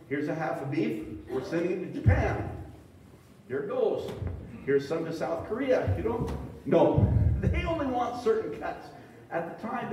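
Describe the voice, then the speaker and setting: A man's voice: sits high, darkish tone, slight background noise. A middle-aged man giving a conference talk, telling folksy, joking anecdotes to a live audience. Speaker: beef industry speaker. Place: meeting hall. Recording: echoey hall from far off.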